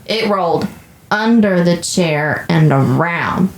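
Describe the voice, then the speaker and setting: A woman's voice: fairly low pitch, animated, slow, echoey room. A woman co-hosting a casual movie podcast, questioning and arguing over plot details. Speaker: podcast co-host.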